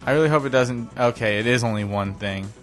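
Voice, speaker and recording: A young man giving casual, self-deprecating gameplay commentary, breaking into sudden excited yelps. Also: mid-range voice, fairly quick, faint music behind. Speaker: let's play commentator.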